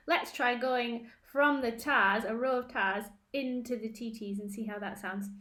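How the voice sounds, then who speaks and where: A woman from Scotland leads a children's rhythm lesson to camera, slow and clear and full of encouragement. Her voice sits a little high for a woman. She is recorded close to the camera at a table at home. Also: fairly even intonation, a bit bright. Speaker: music tutor.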